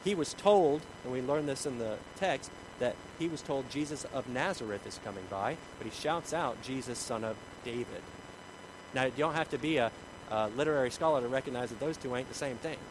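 A man preaching a sermon, shifting from shouts to hushed tones. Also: mid-range voice, lively intonation, normal speed, background noise.

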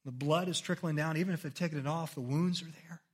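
A man's voice: a little high, fast, husky. A man preaching a sermon as a pastor, earnest and conversational, often checking in with "okay?" and swinging his delivery dramatically when reading scripture.

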